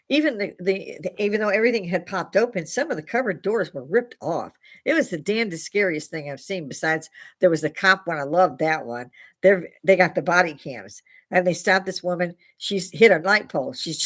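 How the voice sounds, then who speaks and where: A woman's voice: fairly low pitch, lively intonation, normal speed. An older woman hosting a casual livestream from a bar, slightly tipsy, rambling through stories with frequent laughs and swearing. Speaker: livestream host.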